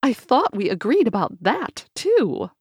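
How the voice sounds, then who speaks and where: A woman voicing a panicked, firm wife in an audiobook, speaking high and sharp. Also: animated, a little fast, no echo, studio quality. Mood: alarmed. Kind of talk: audiobook character reading.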